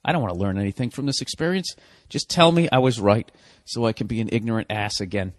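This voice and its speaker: A man's voice: fairly low pitch, fast talker, no room sound, studio quality. A man hosting a podcast, going on a profane, sarcastic comedic rant. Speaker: podcast host.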